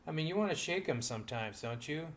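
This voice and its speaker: A man co-hosting a relationship podcast, giving frank, gruff advice in casual chat. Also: a little high, expressive, fast. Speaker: podcast co-host. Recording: noisy podcast recording.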